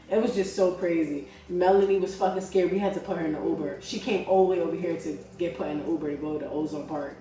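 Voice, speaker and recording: A young woman tells a story in casual chat, in an animated and profane way, full of fillers. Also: low voice, fairly quick. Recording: echoey room, far from mic.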